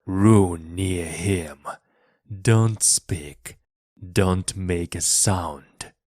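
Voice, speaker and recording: A man's voice: low voice, very slow, a little mellow, dry recording, studio quality, heavily acted. A man voicing an obsessed, commanding old sea captain in a storybook reading, giving stern, barked orders. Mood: hushed.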